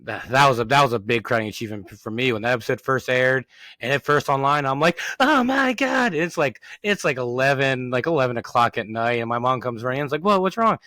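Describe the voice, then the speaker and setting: A young man, a podcast host, sharing an excited story in casual chat and tripping over his words. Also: mid-range voice, fast, dry recording.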